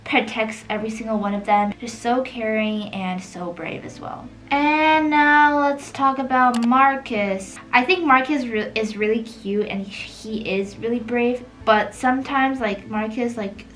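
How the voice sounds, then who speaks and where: A woman's voice: a little high, normal speed, few pauses, poor audio. A woman chatting casually about a film while she draws, with "like" dropped into nearly every sentence. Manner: chatty, leans heavily on "like" as filler. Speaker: art vlogger. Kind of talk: casual chat over drawing. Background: soft background music.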